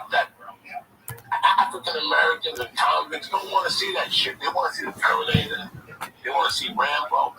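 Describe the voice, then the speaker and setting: A man's voice: fairly high pitch, vocal fry. A man hosting a livestream, telling rambling, profane comic stories. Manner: rambling, profane, laughing often. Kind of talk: comic storytelling. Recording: distant mic with noisy background.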